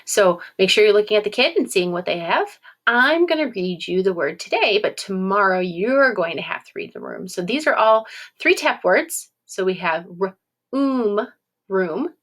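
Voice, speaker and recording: Woman teacher, relaxed classroom video, middle pitch, sounds out phonics. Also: moderate pace. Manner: casual, encouraging, with ums, sounds out words. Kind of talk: recorded video lesson for young children.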